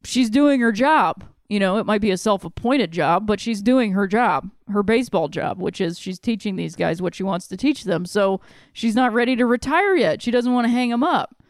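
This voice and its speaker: A woman's voice: mid-range voice, animated, normal speed, no echo, studio quality. A woman talking casually about a film, chatty and laughing often, with casual swearing.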